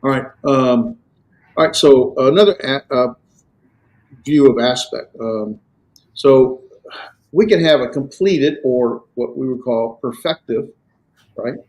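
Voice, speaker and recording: A man in a classroom, talking through grammar in an easygoing lecture, his pitch sitting in the middle range. He keeps asking whether the class follows him, and now and then he slips in a dry, sarcastic aside. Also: takes it slowly, pauses often, darkish tone. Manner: conversational, checks understanding with "right?". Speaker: Greek grammar teacher.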